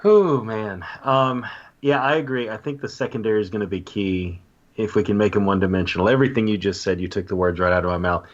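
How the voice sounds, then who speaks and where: Southern US man, low voice, laid-back agreeable co-host, slightly muffled audio. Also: fast talker. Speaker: podcast co-host. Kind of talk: casual sports chat.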